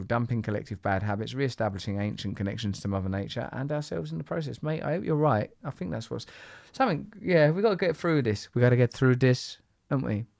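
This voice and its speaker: A man's voice: medium pitch, gravelly, a little mellow. A man hosting a podcast in casual chat, playful and teasing as he riffs on odd ideas. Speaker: podcast host.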